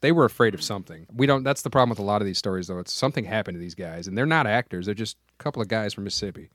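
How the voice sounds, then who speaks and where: A male co-host fires off quick, joking banter in casual chat. He talks at a rapid pace, and the sound stays dry and close. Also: fairly low pitch, expressive, a bit bright, no room sound. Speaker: podcast co-host.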